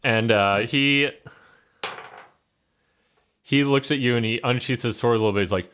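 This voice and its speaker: A man's voice: mid-range voice, moderate pace, long pauses, fairly bright tone, clear, resonant tone. A man narrating as game master in a tabletop game, loose and casual with many fillers.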